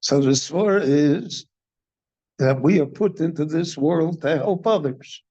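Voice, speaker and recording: An older man, a rabbi, giving a slow, deliberate Torah class in a synagogue, posing questions and then answering them. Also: a little high, warm tone, lo-fi sound. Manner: measured teaching, poses questions and answers them.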